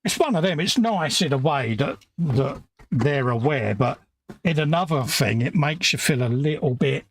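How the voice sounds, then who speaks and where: A man's voice: a little high, expressive, moderate pace, a little hiss or hum. A man, co-hosting a live stream in a laid-back, chummy way with casual slang. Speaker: livestream co-host. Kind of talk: casual chat.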